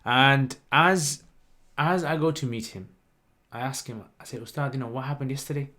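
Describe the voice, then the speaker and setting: A man, hosting a livestream and telling a story in a rambling, lively way with lots of fillers. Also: mid-range voice, normal speed. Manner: rambling, animated retelling with many "like" and "you know" fillers. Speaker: channel host.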